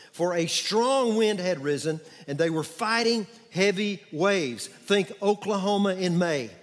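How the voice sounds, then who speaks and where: A male pastor delivers a sermon with animated energy, calling for the congregation to respond. His voice sits a bit higher than usual for a man. The sound carries a long reverb from a large church hall. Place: church sanctuary.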